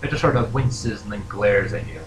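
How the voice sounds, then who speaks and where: A man's voice: lowish voice, animated, fairly quick. A man narrating as game master, hesitant and full of fillers. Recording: echoey room with noise, poor audio.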